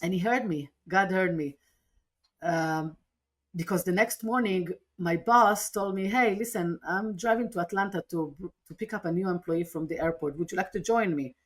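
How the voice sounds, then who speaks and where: A podcast interview guest, this woman speaks at normal speed in a fairly low voice, recounting a personal experience. She's animated and sincere, often going back to restart a sentence.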